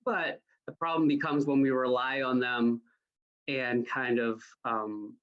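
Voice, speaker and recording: A man's voice: mid-range voice, steady tone, a little slow, highs cut off. A man attending a training session over a video call, asking a question hesitantly and thinking aloud. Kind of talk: question from the audience.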